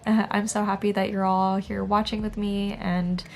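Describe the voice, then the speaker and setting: A young woman in her twenties talks casually to her camera at the end of the day. Her voice is soft-spoken and meandering, with sighs between thoughts and a noticeable gravelly fry. Her pitch sits in an ordinary middle range for a woman. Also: level tone, normal speed, soft background music. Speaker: beauty vlogger. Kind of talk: casual nighttime chat to camera.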